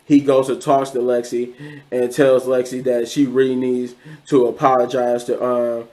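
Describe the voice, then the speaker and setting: A man's voice: medium pitch, level tone, a little slow, darkish tone, rough recording. A man casually recapping a TV episode, rambling, with many restarts and quoted lines. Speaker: show reviewer.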